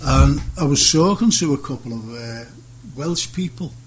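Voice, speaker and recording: A man's voice: mid-range voice, animated, normal speed, husky, rough recording. A man hosting a radio chat show, jokey and chatty, telling his own stories. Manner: jokey, chatty, breaks in eagerly.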